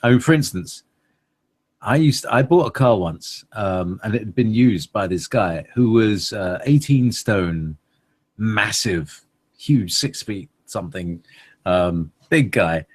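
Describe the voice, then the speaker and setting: A man cohosting a relaxed conversation, talking in long, meandering stretches full of hesitations. His pitch moves a lot, and his voice carries a slight husk. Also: slow. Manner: rambling, hesitant, laughs often. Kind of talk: casual chat.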